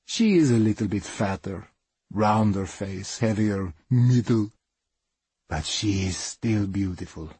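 A middle-aged man narrates a personal monologue in slow, deliberate English that drops its articles here and there. His voice is breathy and husky, recorded close and dry with no room around it. The delivery stays measured and wryly understated. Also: on the low side, animated, mellow, no echo. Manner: plain non-native English, dropped articles. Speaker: storyteller. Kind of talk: dramatic first-person monologue.

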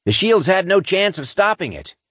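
A man's voice: high-pitched, sing-song, normal speed, fairly bright tone, no room sound, clean studio sound, voice pushed up, exaggerated voice. A man voicing a disgusted starship bridge officer.

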